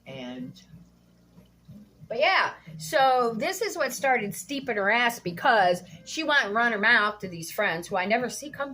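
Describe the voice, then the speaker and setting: A woman's voice: a little high, sharp tone. A middle-aged woman vlogging casually at home while cooking, telling a story bluntly and indignantly, swearing freely.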